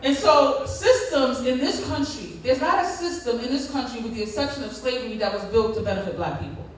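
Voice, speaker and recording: A woman's voice: a little high, lively intonation, fairly quick, a little hiss or hum. A woman giving a conference speech as a school district leader, telling stories in a preacher-like way and drawing call-and-response from the crowd. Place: large conference hall. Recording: echoey hall from far off.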